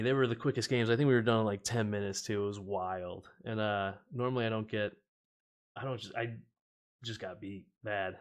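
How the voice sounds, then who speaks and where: A man hosting a casual stream, chatting, laughing often and reading cards and viewer comments aloud. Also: medium pitch. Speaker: host of a card-opening stream. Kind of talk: casual chat while opening card packs.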